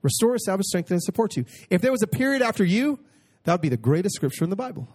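Man, slightly high voice, sermon testimony, hushed storytelling, excited exclamation, slow emphatic scripture reading. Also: breathy edge. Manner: reads scripture aloud slowly and emphatically. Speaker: preacher giving testimony.

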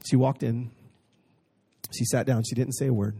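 A man preaching a personal testimony, moving between hushed storytelling and excited exclamation and reading scripture slowly and emphatically. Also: mid-range voice, slightly rough. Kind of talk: sermon testimony.

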